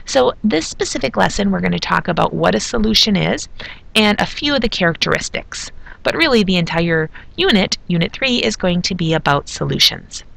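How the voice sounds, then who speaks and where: A woman's voice: lowish voice, creaky, a bit bright. A woman who is a chemistry teacher, giving a recorded video lesson in a chatty way, with asides as she explains.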